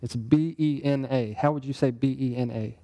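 A man's voice: medium pitch, steady tone, moderate pace, mellow. A man teaching a Bible lesson in a conversational sermon style, often putting questions to his listeners. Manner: conversational, asks the group questions. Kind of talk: interactive sermon.

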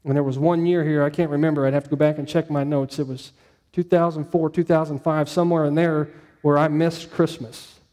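Male pastor, easygoing sermon delivery, slightly high, warm tone. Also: level tone, fairly quick. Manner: conversational, storytelling, frequent "um" and "right?".

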